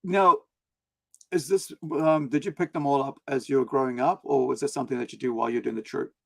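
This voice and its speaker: Brief: man as New host, gravelly, halting questions, dry sound. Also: mid-range voice, fairly even intonation, no room sound. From New Zealand. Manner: hesitant, lots of ums and restarts. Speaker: podcast host. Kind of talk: casual interview chat.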